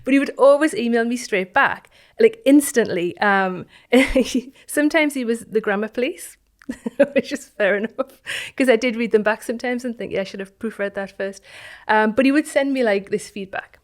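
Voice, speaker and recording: A woman, a guest telling a personal story in an interview, reflective and halting, with many restarts and phrases that trail off softly. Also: a little high. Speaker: guest, founder of an online business community.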